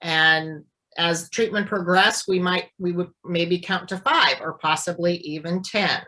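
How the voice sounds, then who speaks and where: Slow-speaking, bright-voiced woman therapist. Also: on the low side, fairly even intonation, rough recording. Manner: clear, deliberate explaining with exaggerated demonstration counting. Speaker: speech therapist. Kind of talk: instructional demonstration.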